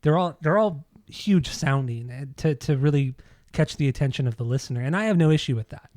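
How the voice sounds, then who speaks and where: Male podcast co-host, somewhat high pitch, upbeat and chatty, dry studio sound. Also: lively intonation, fairly quick, a little mellow, no echo. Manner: enthusiastic, sings snippets of lyrics, laughs often. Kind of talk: casual music discussion.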